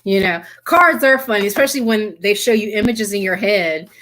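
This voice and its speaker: A woman's voice: mid-range voice, moderate pace, fairly bright tone. A woman reading tarot cards on a live stream, chatty and giggly, addressing her viewers by name. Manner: giggly, keeps breaking into laughter and apologizing. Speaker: tarot reader.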